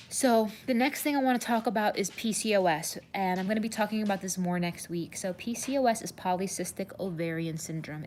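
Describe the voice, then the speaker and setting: Earnest woman nutrition coach, lowish voice. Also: a little hiss or hum. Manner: earnest, animated, says "you guys" often. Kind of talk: live stream talk to viewers.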